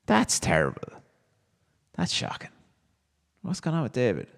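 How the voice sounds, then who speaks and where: A livestream host reads viewers' comments aloud and answers with wry, amused banter. His medium-pitched voice is gravelly and a little slow, swinging hugely in pitch, and sounds like it's in a large hall.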